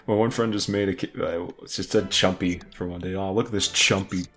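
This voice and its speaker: A man's voice: sits low, fairly even intonation, moderate pace, fairly bright tone, soft background music. A man co-hosting a casual gaming podcast, rambling and laughing, swearing freely. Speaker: podcast co-host.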